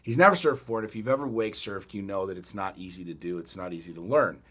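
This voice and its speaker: A middle-aged man co-hosting a podcast, telling a story in a blunt, profane, animated way. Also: deep voice, fast talker, breathy edge. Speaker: podcast co-host. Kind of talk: casual chat.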